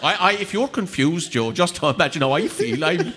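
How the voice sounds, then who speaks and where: A man's voice: high-pitched, very animated, normal speed, a bit bright. A man doing a comic impression of a middle-aged Irish left-wing politician, wry and self-mocking, laughing through his answers in a studio interview.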